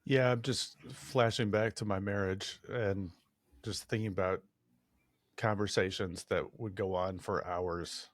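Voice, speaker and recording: Male coach, lowish voice, slow and measured delivery. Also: fairly even intonation, no room sound. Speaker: relationship coach. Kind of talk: casual podcast chat.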